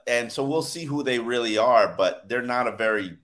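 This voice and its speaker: A man hosting a sports podcast, talking in an animated, emphatic way in casual chat about football. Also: mid-range voice, moderate pace. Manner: animated, emphatic, laughs while telling stories. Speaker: sports podcast host and former beat reporter.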